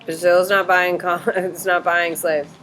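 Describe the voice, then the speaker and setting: A woman teacher in a classroom, questioning students briskly and bluntly correcting their answers. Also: on the low side, level tone, a bit bright, a little hiss or hum.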